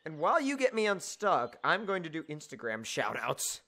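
A man's voice: fairly high pitch, wildly swooping pitch, normal speed, pushed and bright. A young man hosting a casual gaming video, teasing his friend and laughing while they play together. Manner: teasing, exasperated, laughs a lot. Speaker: gaming channel host. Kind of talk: casual gameplay chat.

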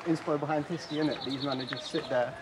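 A man from Poland, chatting animatedly with lots of slang while walking through his childhood neighbourhood. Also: on the high side. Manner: animated, slangy, quick to laugh. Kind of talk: casual walking tour chat. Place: outdoors on city streets. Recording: street noise and traffic outdoors.

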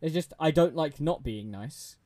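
A man's voice: fairly high pitch, animated, moderate pace, mellow. A young man streaming a game, chatting to a friend, giggling and stumbling over restarts. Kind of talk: casual gameplay chat with a friend.

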